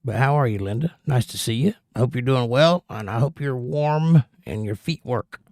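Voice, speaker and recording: A man's voice: mid-range voice, normal speed, darkish tone. A man in his usual casual livestream chat, rambling and friendly-paced in reply to his viewers. His voice sits in an ordinary middle register. The sound is dry, with no room echo. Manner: chatty, reads viewer comments aloud and rambles in reply. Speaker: livestream host.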